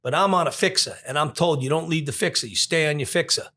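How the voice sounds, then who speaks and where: Animated New man in his 60s. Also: on the high side, fast. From Long Island, New York. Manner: animated storyteller with frequent restarts. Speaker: police commissioner, podcast guest. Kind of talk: storytelling in an interview.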